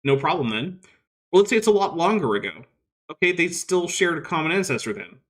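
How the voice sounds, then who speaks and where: A man's voice: on the high side, big pitch swings, a little fast, a bit bright. A man hosting a casual livestream, reading viewer comments with wry, skeptical asides. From United States. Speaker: host.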